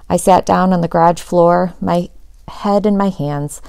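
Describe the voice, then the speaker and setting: A teacher reading a children's chapter book aloud with steady, expressive storytelling, close to the mic. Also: female voice, fairly low pitch, unhurried, gravelly, smooth, no room sound.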